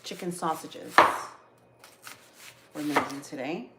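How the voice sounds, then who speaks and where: Her voice is low and slow as she runs a casual cooking livestream, chopping vegetables and chatting with viewers. The onions have her teary, and "oh Lord" comes out often; the kitchen echoes and there's faint noise.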